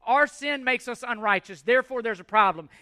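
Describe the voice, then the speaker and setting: Pastor, male, 40s, high bright voice, emphatic sermon delivery with rhetorical questions, dry close sound. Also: brisk, clean tone, no echo.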